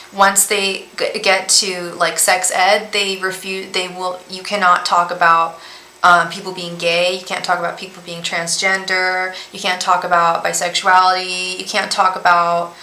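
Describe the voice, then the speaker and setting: A woman's voice: lowish voice, pushed and bright, reverberant, low-quality recording. A woman, a tarot reader on a casual livestream, talking in a rambling way full of fillers and restarts. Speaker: tarot reader and psychic medium.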